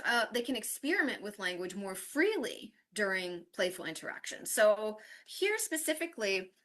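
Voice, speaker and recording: A woman teacher presenting an online workshop, explaining ideas step by step and often checking in with a quick "right?". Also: mid-range voice, sharp tone.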